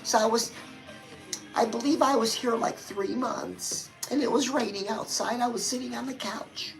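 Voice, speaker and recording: A woman's voice: fairly high pitch, moderate pace, vocal fry, faint music behind, rough recording. A woman hosting a chatty motivational livestream, talking straight to her viewers and calling them girl. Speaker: livestream host.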